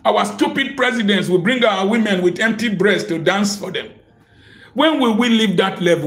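Man preaching, high voice, fiery, rhetorical questions, bursts of shouting. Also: moderate pace. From Africa. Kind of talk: sermon.

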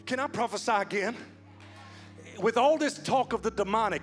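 A man preaching a sermon as pastor, swinging from hushed, slow lines to loud, fast build-ups. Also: high voice. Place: church sanctuary. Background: soft music.

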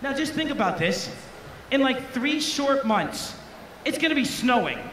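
A man's voice: very high voice, big pitch swings, unhurried, noisy background. A man leading a band on stage, joking with and rousing the crowd between songs in a festival tent. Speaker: bandleader. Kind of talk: onstage crowd banter. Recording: echoey tent with live band music.

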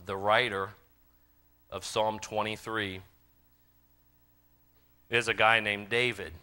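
A man preaching a sermon in a church, swinging from loud impassioned calls to quiet, earnest appeals. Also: on the low side, little pitch movement, slow pace, clear, resonant tone. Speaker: pastor. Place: church sanctuary.

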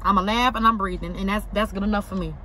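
A woman's voice: mid-range voice, steady tone, quick pace, bright, forceful tone, a little hiss or hum. A young woman vlogging to camera from inside a parked car, talking emphatically in slangy, repetitive bursts while she eats. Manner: emphatic, repeats herself for punch, slangy. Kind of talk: casual eating vlog talk to camera. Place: inside a parked car outside an auto shop.

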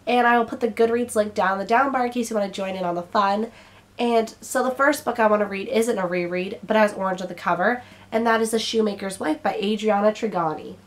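A woman's voice: medium pitch, fairly quick. A young woman chatting casually to camera as a book vlogger, her throat a little strained, rambling and now and then stumbling over her words.

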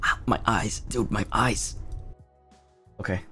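Male streamer, low and unhurried delivery, casual and profane. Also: fairly even intonation, pushed and bright, faint music behind. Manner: laid-back, swears often, gushing. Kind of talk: casual gaming stream chat.

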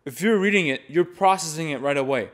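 Male chant teacher, clear explanatory delivery, voice sits a little high. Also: fast talker. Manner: plain, explanatory, with sung demonstrations. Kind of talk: instructional talk to camera.

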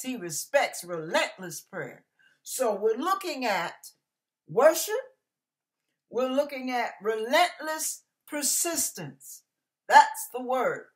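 Woman preaching, fiery and emphatic, slow delivery, sing-song pitch, folksy. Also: pushed and bright. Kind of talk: sermon.

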